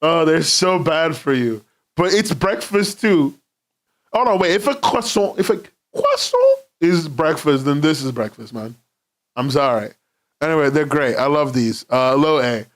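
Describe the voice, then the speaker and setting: A young man talks to his stream viewers from home, his voice sitting slightly high for a man. He rambles casually, swears freely and breaks into laughs often. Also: big pitch swings, a little slow. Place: London, indoors at home.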